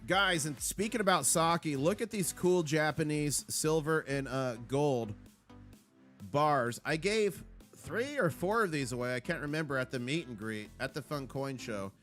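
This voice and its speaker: A man hosting a casual livestream, upbeat and chatty as he gives shout-outs to viewers. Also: a little high, expressive, measured pace, faint music behind. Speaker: livestream host. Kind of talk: casual live chat.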